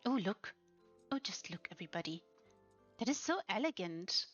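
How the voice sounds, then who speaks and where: A woman streaming a tour of player-built houses, gushing with breathy exclamations and soft whispers between her remarks. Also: mid-range voice, very animated, moderate pace. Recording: slightly dull lo-fi sound with faint music behind.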